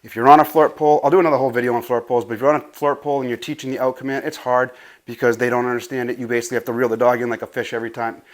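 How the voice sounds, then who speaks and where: A dog trainer speaks rapid-fire in a level, medium-pitched voice from his home garage. Winded after playing, he gives loose, slightly profane instructions and frequently says "right?"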